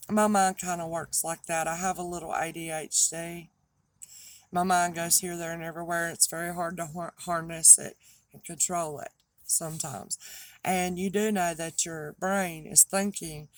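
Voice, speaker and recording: A woman's voice: fairly low pitch, no room sound. Rambling woman with a Southern drawl. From North Carolina, US. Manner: rambling, chatty, trips over words. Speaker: online reseller and host. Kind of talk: rambling casual vlog chat.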